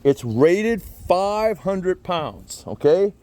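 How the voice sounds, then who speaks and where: A man's voice: sits high, big pitch swings, very slow, dark tone. Chatty folksy man reviewing a product. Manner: chatty, folksy, repeats himself. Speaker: product reviewer, channel host. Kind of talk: casual product review vlog. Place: outdoors by a vehicle, then indoor man cave.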